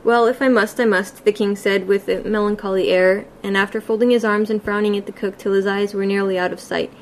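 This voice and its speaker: A woman reading a classic children's book aloud for a homemade audiobook. Her delivery is plain and unhurried, with occasional small stumbles. A faint hiss sits underneath. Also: mid-range voice, little pitch movement, rough recording. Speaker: audiobook reader.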